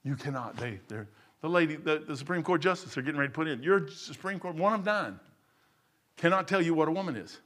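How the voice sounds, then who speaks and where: A man's voice: on the high side, expressive, quick pace, a bit bright. A man preaching an informal sermon in an emphatic, conversational way, often repeating and restarting his words.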